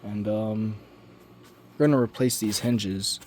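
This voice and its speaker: A man's voice: on the low side, fairly even intonation, slow, darkish tone, a little hiss or hum. A man talking through his build in a home workshop, loose and rambling. His delivery is offhand, full of slang and the odd curse. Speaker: hobbyist building a model plane. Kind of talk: casual workshop vlog.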